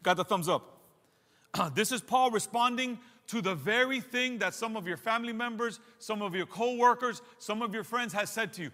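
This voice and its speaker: High, bright-voiced man preaching a sermon. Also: normal speed, big-room sound. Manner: emphatic, repeats phrases, addresses the congregation directly. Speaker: pastor. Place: church sanctuary.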